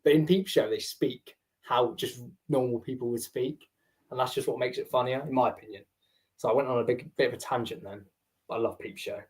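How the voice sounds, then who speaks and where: A man's voice: mid-range voice, fairly quick, a little mellow. A young man, co-hosting a podcast in casual chat and rambling enthusiastically with lots of "like". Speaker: podcast co-host.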